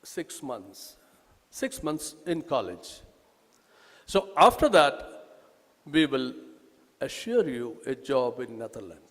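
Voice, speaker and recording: A man with an Indian accent gives a public talk at an event, presenting a nursing course in a halting, emphatic way with frequent restarts. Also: mid-range voice, sing-song, fairly bright tone, in a large hall. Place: event hall.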